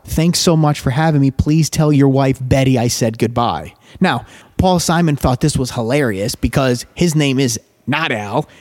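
A man's voice: on the high side, mellow. A man hosting a podcast, talking casually and eagerly about a song and reading its lyrics aloud. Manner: enthusiastic, explains while reading lyrics aloud. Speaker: podcast host. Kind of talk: casual music commentary.

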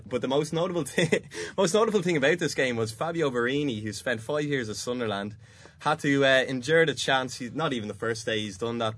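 A man's voice: medium pitch, a bit bright. A man hosting a football podcast from a studio, chatting loosely and laughing as he talks. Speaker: podcast host. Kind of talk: casual sports chat.

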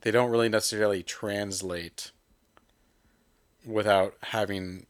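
Low-voiced man in rambling film chat. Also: measured pace, no echo, studio quality. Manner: animated, rambling, acts out voices in anecdotes. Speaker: podcast co-host.

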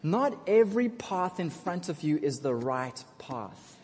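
A male pastor with a fairly high voice tells a scripture story in a loose, joking way, breaking off to ask the congregation to answer. His voice carries a long reverb from a church hall. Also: very animated, measured pace, darkish tone. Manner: casual, jokey storytelling, asks congregation for responses. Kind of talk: sermon.

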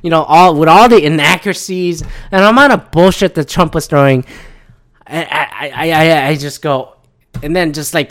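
Profane rambling man ranting. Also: fairly high pitch. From Michigan. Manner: profane, rambling, sarcastic, mocking voices of others. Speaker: podcast host. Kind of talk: casual political rant.

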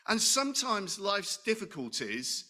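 Bright-voiced middle-aged man preaching. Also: sits high, very animated, a little slow. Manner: conversational, asks the congregation questions, self-deprecating humor. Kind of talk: sermon.

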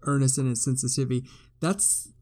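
A man's voice: medium pitch, steady tone, a little fast, darkish tone. A man co-hosting a casual chat, musing loosely about a movie with some fillers.

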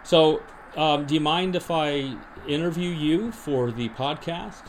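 A man hosting a podcast, deadpan and rambling with many restarts, in an improvised comedy monologue and mock interview. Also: on the high side, unhurried, a little hiss or hum. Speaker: podcast host.

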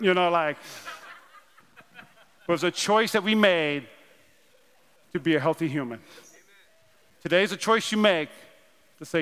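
A man in his thirties from North Dakota, preaching a sermon with animated storytelling and self-deprecating humor. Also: high-pitched, moderate pace, pauses often, smooth. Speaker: pastor. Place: large church auditorium. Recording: long hall reverb.

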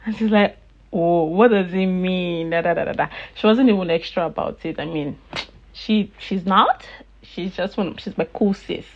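A woman's voice: mid-range voice, normal speed, gravelly, husky. Laughing woman telling a story, lo-fi. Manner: chatty, laughs often, animated retelling of dialogue. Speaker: podcast host. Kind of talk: casual storytelling monologue.

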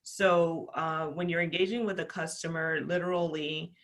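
A woman guest on a podcast interview, talking about customer service with passion, energetic and chatty with plenty of fillers. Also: low voice, moderate pace.

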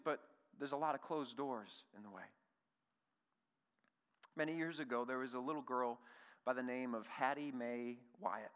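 A man's voice: on the high side, bright, forceful tone, clean tone. A male pastor preaching an earnest sermon, full of rhetorical questions and repeated words. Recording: reverberant hall.

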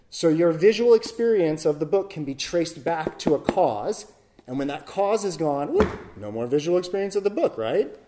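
A Buddhist teacher giving a dharma talk to a class in a playful, animated way, often checking in with "right?" and demonstrating with objects. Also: medium pitch. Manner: frequent tag questions "right?".

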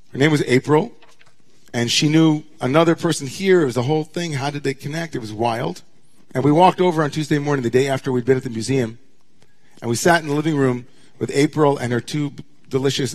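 A middle-aged man, a rabbi, giving a dramatic sermon that swings from hushed, drawn-out near-whispers to impassioned declamation. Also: medium pitch.

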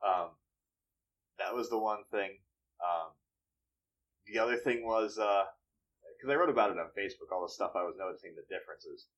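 Low-voiced musing man. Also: normal speed, long pauses, a bit bright, poor audio. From northeastern Pennsylvania. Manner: musing, trails off with fillers. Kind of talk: casual chat.

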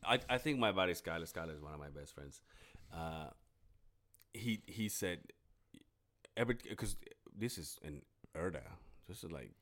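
Young guy on a podcast, real low voice that swings all over the place, rambly and cussing. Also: expressive, normal speed, pauses often, a bit bright. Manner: rambling, swearing, acts out friends' voices. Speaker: podcast co-host. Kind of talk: casual chat.

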